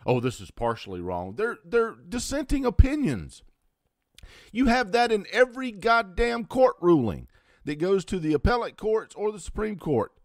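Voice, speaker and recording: A man's voice: sits high, sing-song, moderate pace, no echo, clean studio sound. A man in his fifties hosting his own channel, ranting bluntly and defiantly about politics with heavy swearing and sarcastic asides. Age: 50s. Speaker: host. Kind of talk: political rant to camera.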